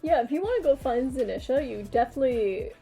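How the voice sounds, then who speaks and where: A woman's voice: high-pitched, animated, fast, creaky, dark tone. Casual young woman game master. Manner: casual, hesitant, many fillers. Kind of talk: narrating a tabletop game. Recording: faint music behind.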